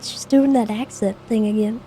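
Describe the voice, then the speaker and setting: A woman's voice: on the high side, steady tone, normal speed, dark tone, slight background noise. A woman in her twenties streaming a role-play game, chatting casually and thanking viewers. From United States. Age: 20s.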